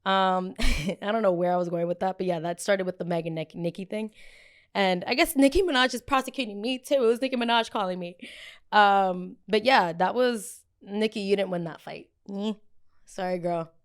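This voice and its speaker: A young woman hosting a pop culture podcast in a blunt, gossipy, animated chat style. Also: mid-range voice, moderate pace, clean tone. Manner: animated, gossipy and blunt, with frequent quoted voices. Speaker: podcast host.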